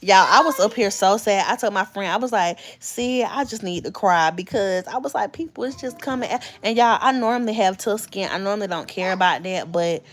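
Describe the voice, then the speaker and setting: A woman's voice: medium pitch, brisk, few pauses. A woman in her late thirties hosting a live stream, chatting in a confiding way straight to her viewers. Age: late 30s. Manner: chatty, confiding, addresses viewers as y'all and honey. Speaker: livestream host. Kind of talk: casual live-stream chat.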